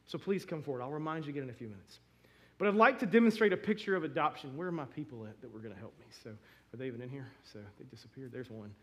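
A man's voice: mid-range voice, animated, fast talker. A man in his thirties or forties, a pastor preaching a sermon, telling emotional stories with many restarts.

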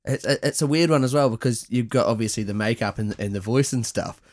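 A Scottish man at a mid-range pitch, hosting a laid-back chat. His questions wander and restart, and he swears in an easy way. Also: fast. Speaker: podcast host. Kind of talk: casual chat.

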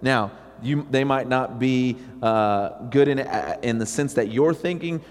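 A man preaching a sermon as pastor, talking conversationally and acting out quotes, with sudden loud rises. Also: mid-range voice, normal speed, hardly any pauses. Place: church sanctuary. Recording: long reverb of a church hall.

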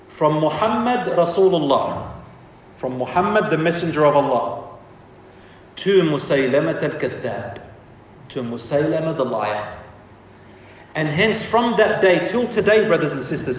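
A man tells a religious history story to an audience, voicing each side of the exchanges as he goes. His voice sits a little higher than most men's and carries a long, ringing echo. He is heard from far off the mic across a big hall. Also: a little hiss or hum. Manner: animated, acts out quoted exchanges. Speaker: lecturer.

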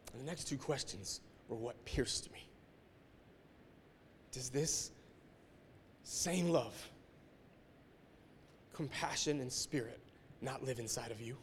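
A man preaching a sermon as a pastor, emotional, moving between hushed, near-whispered passages and forceful climaxes. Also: medium pitch, slow pace, pauses often, big-room sound, a little hiss or hum.

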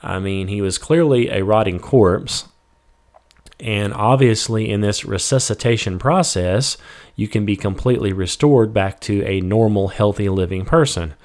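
Man, lowish voice, casual Bible teacher, reads a verse then explains it simply, says "you know" a lot. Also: moderate pace. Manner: reads scripture then paraphrases it plainly; relaxed, with fillers like "you know" and "um". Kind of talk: casual Bible study talk.

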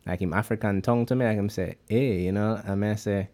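Jamaican male co-host, mellow and low, loose patois chat full of fillers. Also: steady tone, fast talker. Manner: rambling Jamaican patois speech, many fillers. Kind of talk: casual chat.

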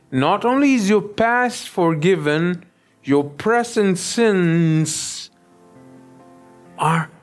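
A pastor preaching a sermon, often stopping to check that the listeners follow him. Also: male voice, fairly high pitch. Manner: keeps checking in with the listeners, asking "yes?".

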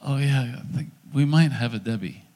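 A middle-aged male pastor telling a story in a sermon, acting out the dialogue in an animated preaching voice. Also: medium pitch, moderate pace.

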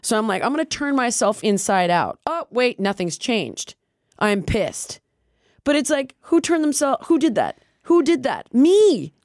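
Speaking a little high at a normal speed, a middle-aged podcast host keeps the casual chat candid and animated. She drops swear words freely and reenacts her own lines and other people's in lively put-on voices. It's a dry recording with clean studio sound.

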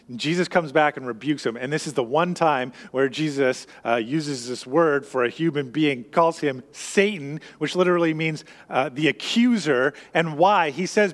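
High-voiced man preaching in a reverberant hall. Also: unhurried. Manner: conversational, explanatory teaching with frequent restarts. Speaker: pastor. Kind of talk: sermon.

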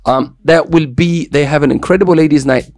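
A man's voice: on the high side, brisk, darkish tone, no room sound. A man hosting a radio show in casual, joking chat, with playful banter and repeated catchphrases.

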